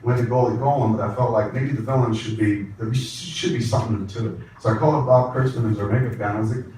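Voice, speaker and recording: A man rattles off a profane, laughing anecdote at a quick clip, his voice caught by a far-off mic in a very echoey hall. His pitch is mid-range, and steady noise hums underneath him. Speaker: host. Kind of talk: animated storytelling. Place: large hall with a live audience.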